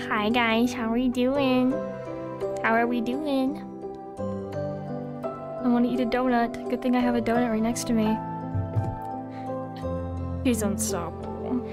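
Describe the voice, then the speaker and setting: A young woman streaming, talking in a casual, flustered and self-mocking way. Her voice sits a little high and she speaks slowly. The sound is dry and close, with soft music underneath. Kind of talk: casual livestream chat.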